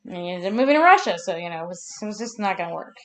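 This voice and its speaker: A woman's voice: fairly low pitch, animated, racing. A woman in her thirties telling personal stories to camera in a chatty, rambling way, laughing as she goes. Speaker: vlogger. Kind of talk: casual personal storytelling.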